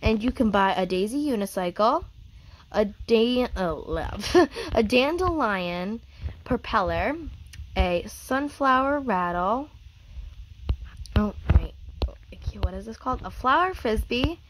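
Excited chatty young woman gamer. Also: fairly high pitch, slow pace. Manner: excited and chatty, laughs often; reads game dialogue aloud. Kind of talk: casual gameplay commentary.

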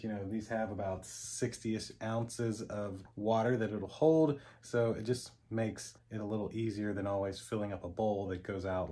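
A man vlogging a casual product setup and talking his viewers through each step. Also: darkish tone. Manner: chatty, talks to his dogs in a high coaxing voice.

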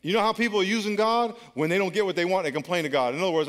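A man's voice: sits high, very fast, a bit bright. A male pastor preaching an emphatic, repetitive sermon with call-and-response to his congregation. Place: large church auditorium. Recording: long church hall reverb.

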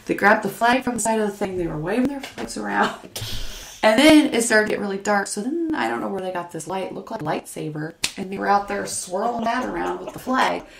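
A woman hosts a podcast, chatting casually as a lively storyteller who swears freely and laughs often. Her medium-pitched, gravelly voice is brisk, with a crowd in the background and an echoey room carrying faint noise.

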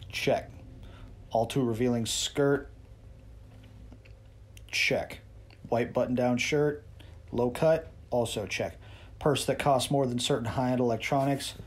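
A man narrates a first-person story with a wry, sarcastic edge. His voice sits in an ordinary middle pitch, and he delivers the boasts and jabs with a smirking, storyteller's rhythm. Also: darkish tone. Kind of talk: first-person novel reading.

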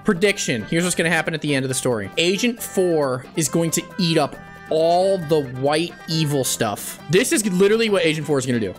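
Playful, lively-pitched male streamer. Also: a little fast, faint music behind. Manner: playful, goofy, bursts of laughter; mock-threatening jokes. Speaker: gaming streamer. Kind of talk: live-stream game commentary.

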